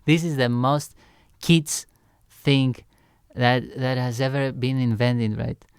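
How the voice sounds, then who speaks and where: Young male vlogger, rambly and profane, smooth clear tone, close and dry. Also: medium pitch, steady tone, takes it slowly, no room sound. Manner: loose and chatty, heavy on "like" fillers and swearing. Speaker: music creator reacting to his own song. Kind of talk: casual rambling storytelling.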